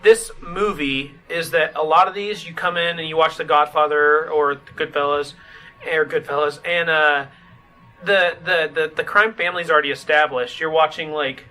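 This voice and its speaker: Very bright, higher-voiced man. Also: steady tone, normal speed, soft background music, low-quality recording. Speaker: podcast co-host. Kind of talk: casual chat.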